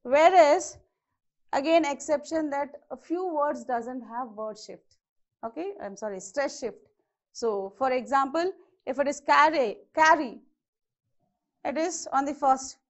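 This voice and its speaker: A woman's voice: sits high, a little slow. A woman teaching a grammar lesson, repeating example words and checking in with "okay" after each point. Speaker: English teacher. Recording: slightly dull lo-fi lesson audio.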